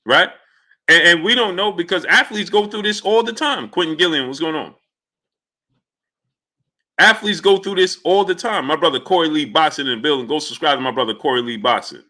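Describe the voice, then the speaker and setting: A man with a fairly high-pitched voice speaks briskly while hosting a live stream. He shouts out chat names and rants with animated heat.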